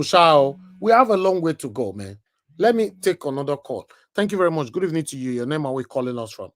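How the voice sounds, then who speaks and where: Nigerian man, call-in host, animated and emphatic, lively pitch. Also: a little fast. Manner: emphatic, preachy rhetorical questions. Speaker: live show host taking calls. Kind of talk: live call-in commentary.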